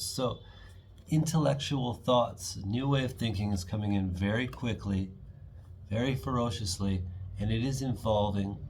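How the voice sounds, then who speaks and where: A man's voice: lowish voice, a little mellow, a little hiss or hum. A man giving a casual, enthusiastic tarot reading, chatty and often acting out imagined quotes. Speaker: tarot reader.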